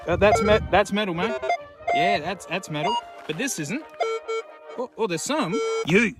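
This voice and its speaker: Excitable high-voiced Australian man outdoors. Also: a little fast, over loud music. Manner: excitable, rambling, jokingly talks to objects. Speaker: YouTube host. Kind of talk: casual vlog commentary. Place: outdoors in remote bushland, plagued by flies.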